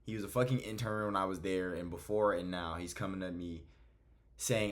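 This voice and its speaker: Brief: young male host, lower register, heated and foul-mouthed rant. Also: fairly even intonation, normal speed. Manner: blunt, profane, heated. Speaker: MMA commentary YouTuber. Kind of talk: ranting video commentary.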